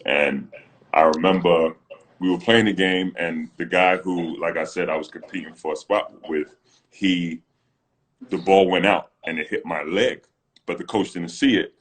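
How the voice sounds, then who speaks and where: Deep-voiced man telling animated stories. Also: moderate pace. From Britain. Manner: animated storyteller acting out quotes, laughing often. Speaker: co-host, former pro basketball player. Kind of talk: casual livestream chat. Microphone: phone on a live video stream.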